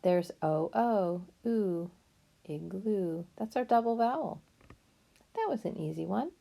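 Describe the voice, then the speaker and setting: A woman's voice: medium pitch, lively intonation, slow, gravelly, mellow. A woman teaching a phonics lesson, spelling out letters and sounding words syllable by syllable while praising and checking in with a young learner. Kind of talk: slow, careful phonics lesson.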